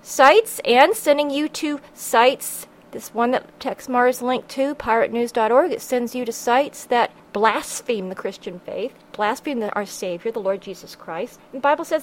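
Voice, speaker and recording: A woman's voice: a little high, a little slow, few pauses, a little hiss or hum, rough recording. A woman hosting her own religious podcast, speaking earnestly in a preachy way and quoting scripture in old-fashioned wording. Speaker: podcast host.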